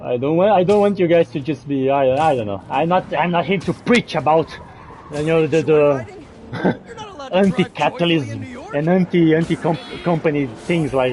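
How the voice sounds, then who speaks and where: A man giving rambling, excitable gameplay commentary as a gaming channel host, often restarting his sentences. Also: on the high side, moderate pace, faint music behind.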